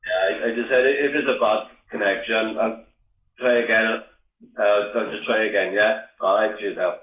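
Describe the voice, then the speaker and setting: A man calls in and talks in a halting, mumbled way that is hard to follow. His fairly low voice comes through a tinny, phone-like line with a roomy echo. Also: fairly even intonation. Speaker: caller. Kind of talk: casual call-in chat.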